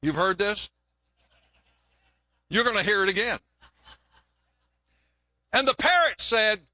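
A man's voice: high voice, very animated, unhurried, long pauses, bright, forceful tone, dry recording. An older man, a longtime pastor, preaching a folksy, joking sermon and often repeating words.

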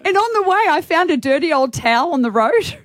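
A woman in her forties co-hosting a radio show, telling a story in animated banter and acting out the voices. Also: high-pitched, fairly quick, no echo. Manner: animated, acts out voices and squeals. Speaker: radio co-host.

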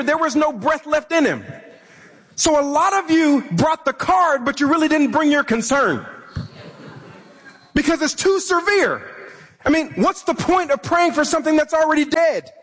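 Male pastor, very high voice, fervent sermon delivery, repeats words when pressing a point. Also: a bit bright. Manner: impassioned, acts out voices of the troubled widow.

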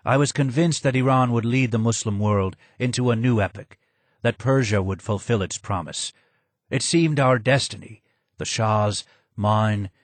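A man voicing a broken, disfigured former advisor who speaks low, hoarse and slow, sounding more sad than angry. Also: no echo.

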